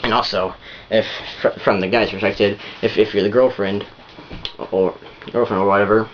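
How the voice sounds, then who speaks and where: A man's voice: fairly low pitch, steady tone, moderate pace, dull audio, slight background noise. A man giving relationship advice in a rambling, repetitive casual monologue full of restarts.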